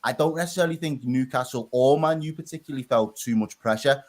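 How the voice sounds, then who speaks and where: A man hosting a casual football podcast, talking in an animated, joking way. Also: medium pitch, fast talker. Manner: animated, laughing, swears. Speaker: podcast host.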